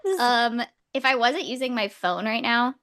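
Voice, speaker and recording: A woman's voice: on the high side, moderate pace, fairly bright tone. Bubbly gushing young woman podcaster. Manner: bubbly, gushing, laughs often. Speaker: podcast co-host. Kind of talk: casual book chat.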